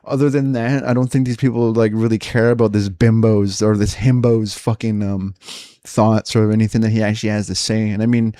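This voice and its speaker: Man rambling fast in a dry room. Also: lowish voice, little pitch movement, warm tone, no echo. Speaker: streamer. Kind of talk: casual chat.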